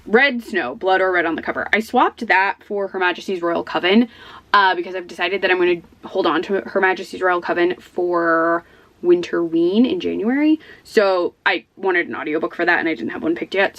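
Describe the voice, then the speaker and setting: A woman's voice: fairly low pitch, moderate pace, fairly bright tone, lo-fi sound. A woman chatting casually in a book vlog from her home office, stressed, rambling and self-deprecating, with little laughs between phrases. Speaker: book vlogger.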